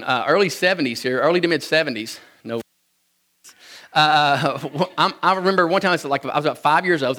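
A man's voice: fairly high pitch, a bit bright. A man, telling funny childhood stories to an audience in a folksy, joking way. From Kentucky, US. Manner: folksy, joking, chuckles often. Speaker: speaker addressing an audience. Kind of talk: humorous personal storytelling talk.

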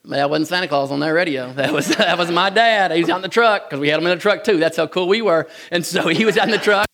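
A man's voice: a little high, fast talker, a bit bright, slight background noise. A man, telling funny childhood stories to an audience in a folksy, joking way. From Kentucky, US. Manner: folksy, joking, chuckles often. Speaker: speaker addressing an audience. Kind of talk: humorous personal storytelling talk.

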